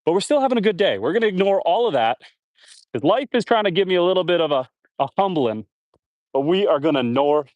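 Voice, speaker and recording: A man's voice: high voice, very animated, quick pace, a little mellow, dry recording, highs cut off. Chatty homestead man talking outdoors. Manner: rambling, chatty, talks to viewers and animals. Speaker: homestead livestreamer. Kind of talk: casual live-stream chat. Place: outdoors on a homestead, watering trees.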